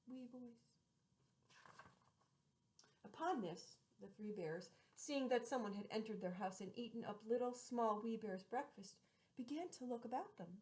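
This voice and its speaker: The recording is rough as a medium-pitched woman storyteller reads a fairy tale, drawing out its repetitions and lowering some words to a whisper.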